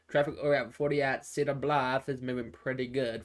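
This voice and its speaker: A man's voice: mid-range voice, little pitch movement, moderate pace, few pauses. A man giving casual live traffic and weather updates into a phone, rambling and repeating himself with many fillers and restarts. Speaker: amateur weather and traffic presenter.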